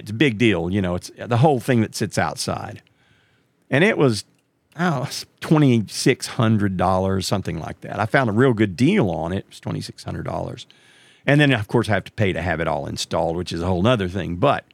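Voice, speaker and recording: A middle-aged man, telling a story casually and jumping way up in pitch when he quotes other people. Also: gravelly, no echo, clean studio sound. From Texas. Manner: animated, jumps way up in pitch when quoting others.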